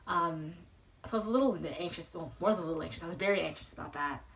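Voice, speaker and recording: A young woman telling a story as a vlogger, rambling and excitable, full of fillers. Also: on the low side, fast, gravelly, slight background noise. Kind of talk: casual storytelling. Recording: voice a bit far from the mic.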